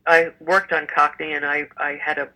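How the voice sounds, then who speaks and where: Bright-voiced older woman, chatty. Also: sits low, flat delivery, moderate pace, low-quality recording. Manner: chatty, rambling with frequent fillers. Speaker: musical theater actress, guest. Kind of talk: casual interview chat.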